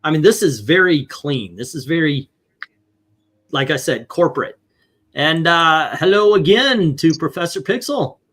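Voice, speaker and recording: A man's voice: on the high side, lively intonation, a little slow, a bit bright. A man hosting a casual livestream panel, upbeat and tallying votes aloud. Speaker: host.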